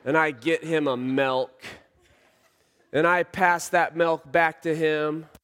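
A man in his thirties preaching a sermon, telling a story and swinging from hushed lines to shouts. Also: a little high, level tone, takes it slowly, clean tone. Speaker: pastor. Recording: long reverb of a large hall.

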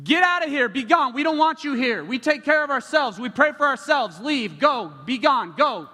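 A man preacher voicing an angry man on a porch, shouting and high-strained as he drives a visitor away. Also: expressive, normal speed, full character voice. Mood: yelling, hostile. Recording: echoey hall.

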